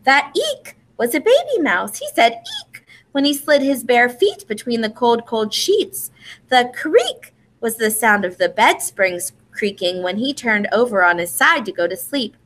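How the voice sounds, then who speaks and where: A woman voicing a calm older brother bear in a children's storybook reading, explaining things in a soothing way. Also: a little high, unhurried, exaggerated voice. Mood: reassuring.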